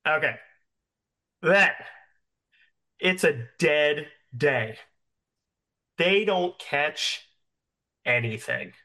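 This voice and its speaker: A man's voice: on the high side, lively intonation, extremely slow, pauses often, bright, forceful tone. A young man narrating a tabletop game as game master, rambling with many fillers.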